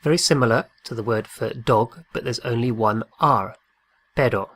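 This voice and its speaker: A man's voice: medium pitch, moderate pace, fairly bright tone, dry recording. A man teaching a Spanish lesson, patiently repeating each phrase and spelling words out letter by letter. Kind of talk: slow drilled language lesson.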